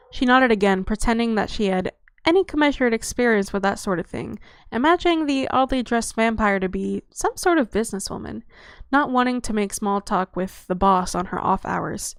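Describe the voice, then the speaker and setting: A woman's voice: on the high side, animated, normal speed, clean tone, no echo, clean studio sound. A woman reading fiction aloud in fluid narration, dropping profane offhand asides. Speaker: audiobook reader.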